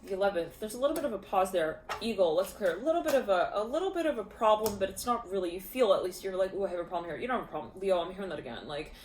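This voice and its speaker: A woman's voice: medium pitch, expressive, quick pace, hardly any pauses, a little mellow, reverberant, slight background noise. A woman giving a casual spoken tarot reading, chatty and full of fillers, giggling often. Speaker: tarot reader.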